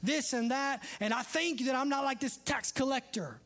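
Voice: sits high, normal speed, fairly bright tone. Smug bragging pharisee acted out by a preacher, sneery and pleased with himself. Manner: boastful, sneering. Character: smug self-righteous Pharisee praying aloud.

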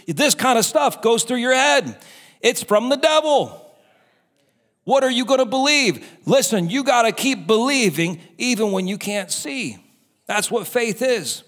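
A pastor preaching a sermon and acting out the voices of doubters and the devil. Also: male voice, extremely high pitch, expressive, normal speed, fairly bright tone.

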